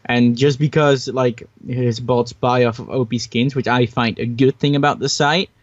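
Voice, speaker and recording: A man's voice: medium pitch, fairly even intonation, normal speed, no echo. Young man on a dull dry mic. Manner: hesitant, many fillers and restarts, opinionated. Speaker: podcast host. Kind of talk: casual podcast chat.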